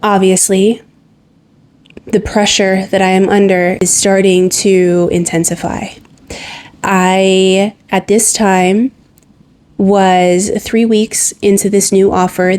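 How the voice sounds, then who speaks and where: Woman telling her own story, flat delivery. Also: medium pitch. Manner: candid, conversational with frequent "like" fillers. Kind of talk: personal storytelling narration.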